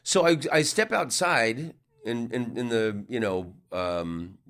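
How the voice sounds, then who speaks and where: A man's voice: medium pitch, animated, takes it slowly, fairly bright tone. A middle-aged man, a comedian, telling a rambling casual story with lots of restarts and fillers. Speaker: comedian and podcast host.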